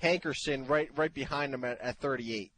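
A man hosting a fantasy football call-in radio show, talking in animated, loud bursts of excitement. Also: mid-range voice, moderate pace, slight background noise.

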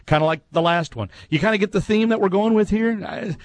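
A man's voice: high-pitched, expressive. A man hosting a fill-in-the-blank quiz on a talk show, teasing and laughing with the panel. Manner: playful, teasing, quick to laugh. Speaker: quiz host. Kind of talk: casual radio banter.

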